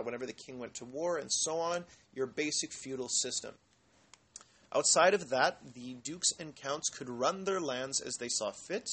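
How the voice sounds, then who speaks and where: A man's voice: medium pitch, a bit bright, husky. Man giving a hesitant history lecture. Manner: hesitant, many filler words; explanatory, asks and answers own questions.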